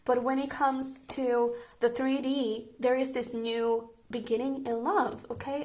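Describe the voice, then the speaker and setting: A young woman with a fairly high voice gives a casual tarot reading straight to her viewers. She talks in a chatty, emotional way and keeps checking in with them. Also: level tone, measured pace, few pauses, a little mellow. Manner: chatty and emotional, frequent "I feel like" and "okay?". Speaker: tarot reader.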